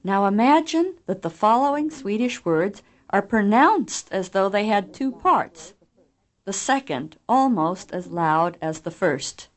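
Woman narrator for a language course: clear, deliberate, explanatory, unhurried delivery with animated pitch. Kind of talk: scripted instructional narration.

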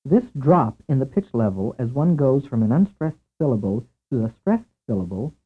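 A man narrating a scripted language lesson in a measured way, asking questions and then giving the answers. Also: mid-range voice, very animated, slightly rough. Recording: tinny lo-fi tape over a narrow band.

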